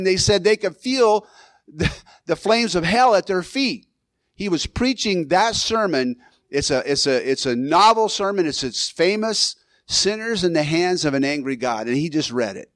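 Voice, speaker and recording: At a measured pace, a church pastor with a fairly bright, slightly high voice preaches in a relaxed, conversational way. He's expressive, sometimes starts phrases over, and chuckles now and then; the recording is dry, free of echo.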